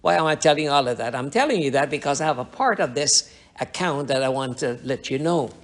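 A male preacher telling a story from the pulpit in a somewhat high voice. He rambles and circles back, repeating phrases as he builds his testimony. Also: quick pace, a bit bright. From Guyana. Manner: rambling, repetitive testimony with restarts. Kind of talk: sermon storytelling.

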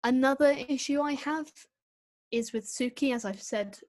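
A woman co-hosting a casual podcast, giving an opinionated, animated critique with quick asides. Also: high-pitched, dry recording. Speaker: podcast co-host reviewing an episode. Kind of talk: casual chat.

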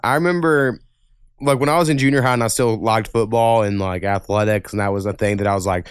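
A man's voice: fairly low pitch, brisk, clear, resonant tone, dry recording, clean studio sound. Profane rambling man telling stories. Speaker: podcast host. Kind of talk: casual chat.

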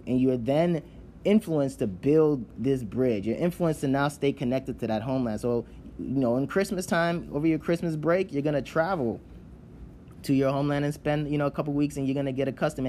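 A man from Nigeria talks in a loose, conversational way, checking in with his listeners and circling back on his own sentences. His voice sits at an ordinary middle pitch, and his delivery is steady and explanatory, with a faint low rumble underneath. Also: brisk. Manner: conversational, often checks in with "right?" and restarts sentences. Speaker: speaker on immigrant identity. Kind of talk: casual explanatory talk.

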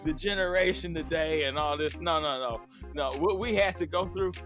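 A man hosting a podcast, talking in an animated, rambling way in casual chat. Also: a little high, normal speed, faint music behind. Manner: animated, rambling, lots of fillers and laughs. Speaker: podcast host.

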